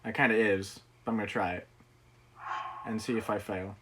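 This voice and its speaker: A man's voice: on the low side, steady tone, normal speed, background noise. A man streaming a video game, talking casually and laughing at his own mistakes. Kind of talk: casual gameplay commentary.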